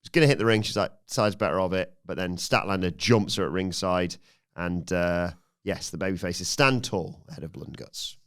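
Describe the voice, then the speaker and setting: A man co-hosting a podcast, briskly recounting a wrestling match blow by blow with frequent fillers. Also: deep voice, clean tone. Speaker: podcast co-host.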